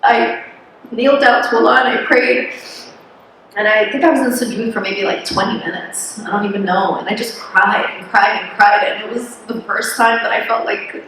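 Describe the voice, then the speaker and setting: A woman's voice: fairly high pitch, steady tone, normal speed, a bit bright. A woman in her thirties giving an earnest personal talk to a conference audience. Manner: earnest, emotional at times. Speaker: conference speaker. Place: large conference hall. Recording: very echoey hall, faint noise.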